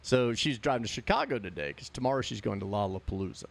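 A man's voice: lowish voice, expressive, fast talker, vocal fry. A middle-aged man co-hosting a casual podcast, telling stories animatedly and laughing often. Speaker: podcast co-host. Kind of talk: casual chat.

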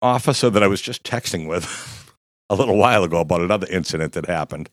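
A man's voice: deep voice, lively intonation, fast, fairly bright tone, dry recording, studio quality. A man in his fifties telling a rowdy, profane story in casual chat, laughing as he goes. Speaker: guest storyteller.

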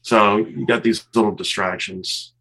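A man, a former fighter pilot, calmly explaining cockpit footage step by step and laughing at himself now and then. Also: fairly low pitch, measured pace, slightly rough, rough recording. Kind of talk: walking through cockpit footage.

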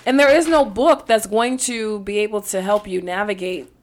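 A woman co-hosting a podcast in casual chat, agreeing often and reflecting in a soft way. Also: mid-range voice, fairly even intonation, normal speed. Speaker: podcast co-host.

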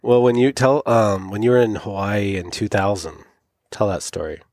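Low-voiced man co-hosting a podcast. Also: fairly even intonation, normal speed, darkish tone, dry recording, clean studio sound. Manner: short interjections and follow-up questions. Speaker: podcast co-host. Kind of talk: casual chat, prompting the host.

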